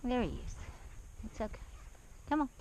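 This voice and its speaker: A woman talking softly and calmly to her horse as she rides it outdoors around a farm yard, with an action camera worn while riding. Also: a little high, moderate pace, slight background noise, low-quality recording. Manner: soft, soothing coaxing of a horse. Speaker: horse rider and farm owner. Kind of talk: riding vlog narration.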